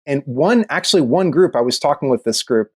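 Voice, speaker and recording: A man's voice: on the high side, lively intonation, darkish tone, slightly rough, no room sound. Mid-voiced male guest, dry sound. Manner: rambling, profane, halting restarts. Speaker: podcast guest, reporter. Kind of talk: casual chat, storytelling.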